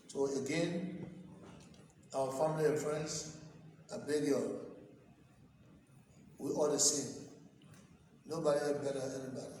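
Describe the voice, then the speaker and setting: A man's voice: a little high, warm tone, slight background noise. Liberian man in an echoey hall. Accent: Liberian English. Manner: conversational, anecdotal, repeats himself. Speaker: president addressing citizens. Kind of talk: informal address to a delegation. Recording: echoey hall recorded from far off.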